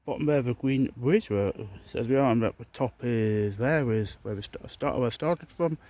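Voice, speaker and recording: A man's voice: medium pitch, moderate pace, mellow. A man rambling through a walking vlog outdoors in a hilly park, correcting himself often and out of breath from the climb. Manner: rambling, self-correcting, chatty. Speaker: vlogger.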